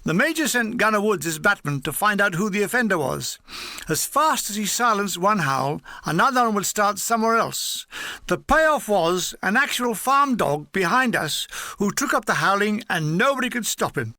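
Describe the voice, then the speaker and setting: A man reads his own memoir aloud in a wry, comic deadpan way. His voice is fairly high and bright, and the sound is close and dry. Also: moderate pace, dry recording. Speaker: author and narrator. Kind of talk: audiobook memoir narration.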